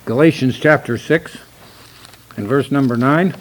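An older man preaching a sermon, stern and emphatic, slowing down to read scripture aloud. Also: a little high, poor audio.

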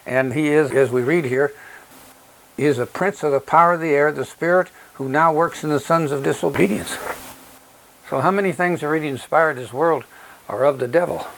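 A man preaching a sermon, reading from scripture and explaining it in an earnest, deliberate way, stressing key words. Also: on the high side, creaky, a bit bright, a little hiss or hum, low-quality recording.

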